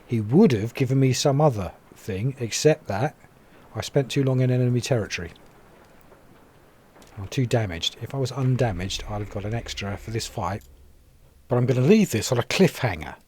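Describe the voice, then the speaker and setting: A man's voice: medium pitch, normal speed, darkish tone, a little hiss or hum. An English man giving casual, chatty gameplay commentary, wry and a little grumbling. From England.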